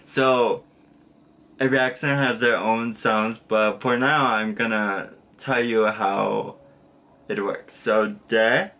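A man's voice: on the low side, steady tone, slow, bright, forceful tone. A young man casually teaching a basic lesson, rambling and correcting himself with lots of fillers and apologies. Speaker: language tutor.

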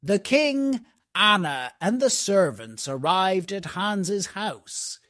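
A man reads a simple storybook for English learners slowly and clearly, with lively, expressive intonation in a slightly high voice. The recording is dry and close, with no room sound.

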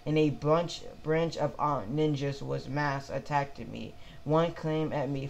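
Slow, stumbling male fan fiction reader. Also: fairly high pitch, steady tone, creaky, low-quality recording. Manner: halting, stumbling, frequent restarts. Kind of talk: reading own fan fiction aloud.

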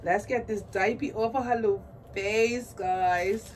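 A woman's voice: mid-range voice, fairly even intonation, a little slow, darkish tone. A woman vlogging a doll unboxing, gushing and squealing with delight as she chats to her viewers. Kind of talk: excited unboxing chat to camera. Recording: distant mic with faint background noise.

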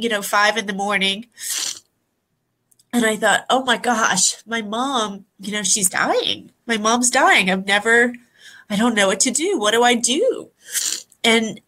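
A woman on a video call telling a personal story, emotional and near tears, speaking softly with halting pauses. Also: a little high, poor audio. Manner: soft, halting, pausing often. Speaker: guest.

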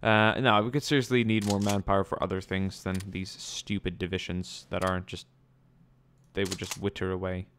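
A man's voice: low-pitched, level tone, moderate pace, fairly bright tone, slight background noise. Chatty man narrating gameplay. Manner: chatty, many ums, jokey asides. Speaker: let's play gamer. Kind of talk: casual gameplay commentary.

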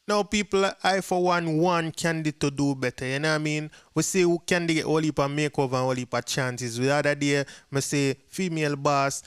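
A man's voice: fairly high pitch, steady tone, brisk, hardly any pauses, smooth, dry recording, clean studio sound. A man with a Jamaican accent giving a casual commentary to viewers, chatty and mixing patois with English. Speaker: dancehall gossip vlogger.

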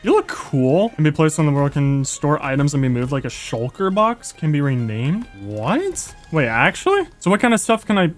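A young man giving excitable, gushing Let's Play commentary, yelping when enemies appear. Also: a little high, moderate pace, hardly any pauses, faint music behind. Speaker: gaming YouTuber.

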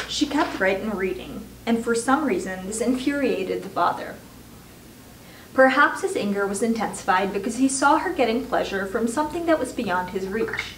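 Woman reader, children's book read-aloud, measured; roomy, distant mic, faint hiss. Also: medium pitch. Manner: measured, slows for emphasis. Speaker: volunteer reader.

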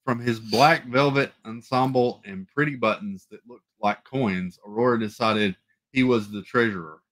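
A man's voice: mid-range voice, normal speed, fairly bright tone. A man reading a novel aloud for a book club, often stumbling and correcting himself.

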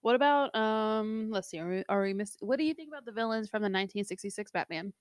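A woman's voice: medium pitch, animated, fast, smooth, no echo. A woman co-hosting a movie review show, chatting casually and rambling with many restarts. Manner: rambling, hesitant, full of restarts. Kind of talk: casual chat.

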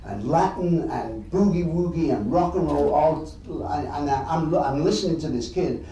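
An English man from England telling anecdotes to an audience in an animated, chuckling way. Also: fairly high pitch, normal speed, heavy reverb, recorded from a distance, slight background noise, rough recording. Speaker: guest storyteller.

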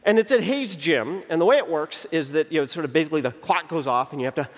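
A man in his fifties giving a conference keynote. He tells stories in an animated way, acts out the dialogue, and slows down to stress key points. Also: on the high side. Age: 50s. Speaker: keynote speaker. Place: large conference venue. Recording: long reverb of a big hall.

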